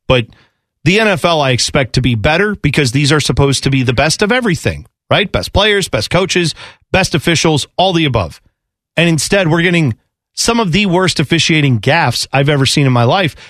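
A male sports radio co-host with a slightly high voice, chatting casually and rambling with restarts. He is on a studio mic with a close, dry sound. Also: fairly quick, no echo. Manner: rambling, animated, self-interrupting.

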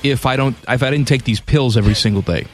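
A man's voice: medium pitch, quick pace, soft background music. A man hosting a sports talk radio show, cracking jokes and laughing in casual banter. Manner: wisecracking, laughs often.

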